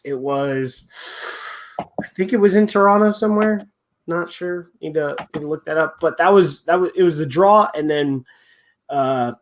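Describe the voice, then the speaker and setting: A man hosting a casual sports podcast chat, rambling and often trailing off mid-thought. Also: on the high side. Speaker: podcast host.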